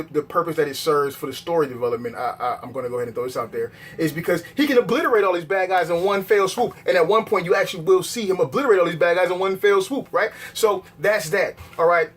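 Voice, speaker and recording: A man with a husky voice talking through a film review in a casual, rambling way, with slang, swearing and repeated checks on whether the viewer follows him. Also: a little high. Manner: rambling and conversational, repeats words, asks the viewer "you dig what I'm saying?".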